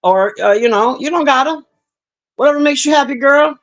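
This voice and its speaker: A woman's voice: sits high, fairly quick. A woman livestreaming to her chat, talking bluntly and profanely in a casual rant, with sighs and trailing-off asides.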